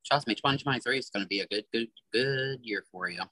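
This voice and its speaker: A man's voice: mid-range voice, quick pace, pushed and bright, dry recording, poor audio. A man guest, a psychic medium, giving a reading and earnestly relaying quoted messages. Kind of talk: giving a spiritual reading in conversation.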